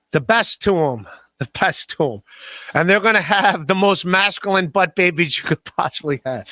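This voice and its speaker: A man's voice: fairly high pitch, bright, forceful tone, no echo. A man hosting a casual podcast livestream, rambling and self-deprecating as he reads chat messages, laughing often and stammering on repeated words. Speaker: podcast host.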